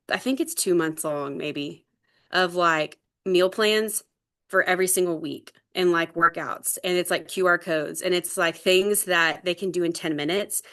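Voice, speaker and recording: A woman's voice: fairly low pitch, a bit bright. A woman sharing her story on a group video call, rambling with many fillers and growing teary. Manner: rambling, lots of "like" and "um", gets teary. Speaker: sales team member sharing her story. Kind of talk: casual talk on a group call.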